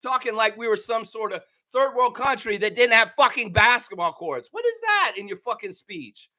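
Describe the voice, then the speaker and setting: A man from Canada hosts a fan show and rants with profane, heated anger. His voice sits high and sounds bright and tense as he fires off his complaints. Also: big pitch swings, moderate pace. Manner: angry, profane, heated ranting. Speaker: basketball fan show host. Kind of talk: ranting commentary.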